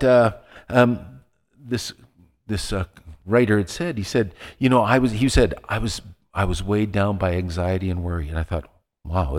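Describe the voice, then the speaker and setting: In a church sanctuary, a pastor preaches a sermon in a low-pitched voice, telling a personal story conversationally and restarting his sentences often. The sound carries a big-room feel.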